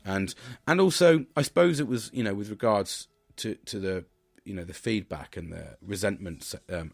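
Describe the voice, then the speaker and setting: A man's voice: fairly low pitch, dry recording. A British man hosting a podcast alone, chatting casually in a rambling, sweary way with lots of restarts. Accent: British English. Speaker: podcast host. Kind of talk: casual solo monologue.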